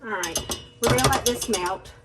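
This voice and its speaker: A woman's voice: fairly high pitch, moderate pace. A woman hosting a casual cooking vlog in her home kitchen, chatty and self-deprecating as she talks straight to her viewers. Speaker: cooking channel host. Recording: clear kitchen noise behind. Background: pots, pans and whisking.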